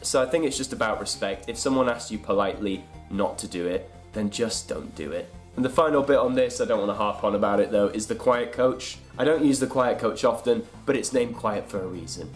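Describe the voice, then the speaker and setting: A man's voice: fairly low pitch, fairly quick, few pauses, faint music behind. A young British man in a comic vlog monologue, chatty and sarcastic, sounding a little unwell. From United Kingdom. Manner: chatty, sarcastic, jumps into silly voices. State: unwell, congested. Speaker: comedy vlogger.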